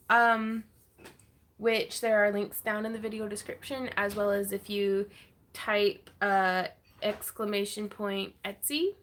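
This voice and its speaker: A woman's voice: on the high side, a bit bright. Chatty woman hosting a livestream. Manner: chatty, greets viewers, laughs often. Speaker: livestream host. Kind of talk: casual livestream chat.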